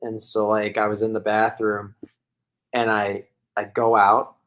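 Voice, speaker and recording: A man's voice: lowish voice, monotone, unhurried, fairly bright tone. A man co-hosting a podcast, telling a long casual story that rambles, full of "like" fillers. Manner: rambling, heavy use of "like", laughs while telling. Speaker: podcast co-host.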